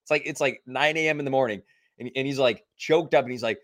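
A young adult man co-hosting a podcast and telling stories in a casual, animated way, acting out the quoted lines. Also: medium pitch, fast. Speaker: podcast co-host. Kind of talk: casual storytelling chat.

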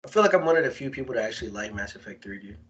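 A young man co-hosts a casual podcast chat in slang, repeating himself and slipping into quoted voices. His medium-pitched voice is animated, racing and fairly bright, and the audio is dull and lo-fi.

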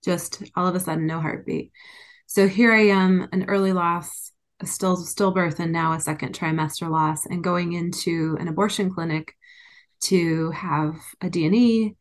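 A woman's voice: lowish voice, steady tone, moderate pace. A woman being interviewed, telling a personal story candidly and with emotion. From United States. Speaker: interview guest.

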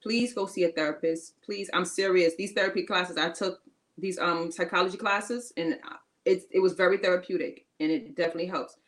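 A woman with a lowish, steady voice talks briskly on a low-quality recording. As co-host of a faith-based podcast, she gives emphatic encouragement in casual conversation, using informal grammar and repeating her key phrases.

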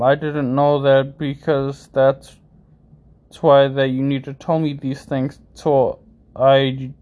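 Slow-talking streamer, halting, many fillers, mid-pitched, muffled lo-fi recording. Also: darkish tone. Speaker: streamer host. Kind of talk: personal vlog monologue. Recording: dull lo-fi sound.

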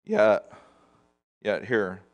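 A middle-aged man preaching a sermon as a pastor. He moves between soft, low passages and loud, emphatic declarations, and puts repeated questions to the congregation. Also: big pitch swings, very slow, highs cut off.

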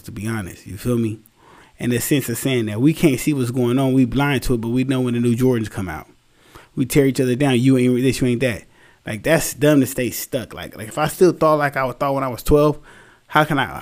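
This solo commentary host is a tired young man whose mid-range voice carries a slight mellowness. He rambles through a slangy opinion piece in a blunt, casual way, cursing without restraint.

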